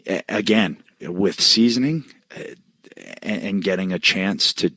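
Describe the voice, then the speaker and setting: Deep-voiced man in casual podcast chat. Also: unhurried, bright, forceful tone, dry recording, clean studio sound. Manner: rambling, loose, full of fillers. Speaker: podcast co-host. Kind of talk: casual wrestling talk.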